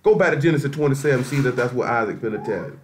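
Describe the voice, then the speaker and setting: A man's voice: mid-range voice, expressive, very fast, a little hiss or hum. A man preaching a sermon in a blunt, colloquial, scolding way, weaving in scripture readings.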